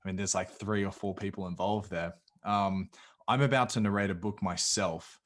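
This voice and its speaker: A man with an Australian accent hosting a podcast, asking questions in a conversational, slightly halting way. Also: sits low, fairly even intonation, a bit bright. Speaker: podcast host. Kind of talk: interview questions.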